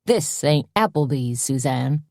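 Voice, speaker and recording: A woman's voice: a bass voice, animated, a little slow, darkish tone, dry recording, clean studio sound, full character voice. A woman voicing an easygoing, folksy bartender in an audiobook. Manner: folksy and offhand.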